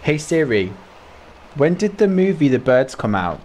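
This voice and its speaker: A man's voice: fairly high pitch, sing-song, unhurried, darkish tone, slight background noise. A British man chatting casually with viewers while he streams a game, greeting them by name and laughing often. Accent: British English. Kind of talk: casual live-stream chat while playing.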